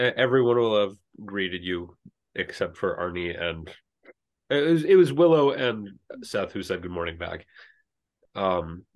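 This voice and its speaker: Man, game master narration, slow, low voice, rambling. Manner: rambling, with many fillers.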